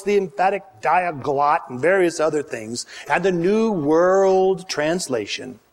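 A man preaching in a high, bright voice that swings widely as he leads the congregation through scripture. He reads the verses with rising emphasis and prompts the listeners to say the words back with him. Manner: emphatic, calls for congregation responses. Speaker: pastor. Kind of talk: sermon.

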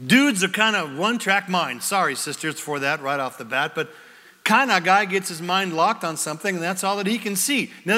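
A male preacher giving an animated sermon, reading scripture and asking the crowd questions. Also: a little high. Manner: animated, acts out voices, asks the crowd questions. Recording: long hall reverb.

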